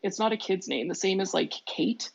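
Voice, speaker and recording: A woman's voice: medium pitch, animated, moderate pace, vocal fry. A woman joining a chat as a guest, speaking in an insistent, matter-of-fact way over a remote call. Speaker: guest, the host's mother. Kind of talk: casual chat. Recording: dull lo-fi remote call audio.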